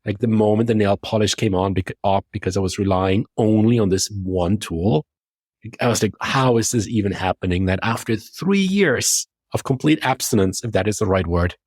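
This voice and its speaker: Deep-voiced German-accented man, dry sound. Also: normal speed, dry recording. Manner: lively storytelling, acts out quoted thoughts. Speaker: confidence coach and podcast guest. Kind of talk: conversational podcast discussion.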